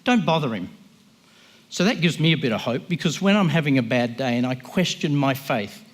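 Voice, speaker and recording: A man's voice: mid-range voice, brisk. A man giving an impassioned, emphatic sermon as a guest speaker, often voicing the people he quotes.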